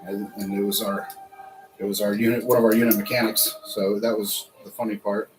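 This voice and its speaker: A man's voice: fairly low pitch, flat delivery, brisk, soft background music, low-quality recording. An American man hosting a casual livestream, talking in a rambling, chatty way and laughing often. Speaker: host.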